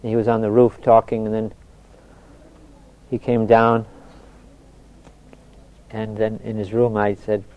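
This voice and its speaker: A soft-spoken older man, a spiritual teacher telling anecdotes in a reflective talk, often restarting his sentences. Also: lowish voice, completely flat delivery, unhurried, long pauses. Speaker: spiritual teacher answering questions. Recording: dull lo-fi recording.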